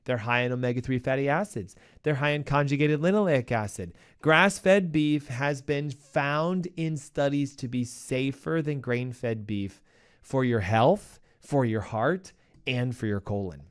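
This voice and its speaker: A man's voice: mid-range voice, a little slow, clean tone. A man hosting a health advice show, talking emphatically and punchily straight to his listeners. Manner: acts out a panicking cardiologist in a raised voice. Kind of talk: energetic health advice talk.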